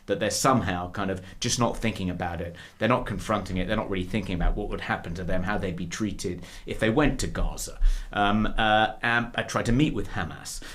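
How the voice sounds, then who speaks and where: Middle-aged podcast co-host, casual and halting delivery with frequent fillers. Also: male voice, lowish voice, fairly bright tone. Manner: hesitant, many fillers and restarts. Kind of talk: casual chat.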